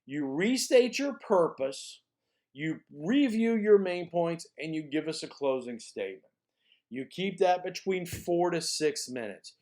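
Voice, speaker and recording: A man's voice: fairly high pitch, animated, darkish tone. Emphatic man giving a recorded lecture. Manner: instructive, repeats steps, frequent "okay?" check-ins; emphatic, slows down to stress key phrases. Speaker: college speech instructor.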